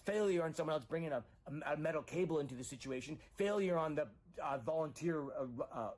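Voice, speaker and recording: A man's voice: fairly high pitch, expressive, a little fast, darkish tone. Rambling distraught man. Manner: rambling, repetitive, grief-stricken, voice rising when agitated. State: distraught after a breakup and a loss. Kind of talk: emotional confessional monologue.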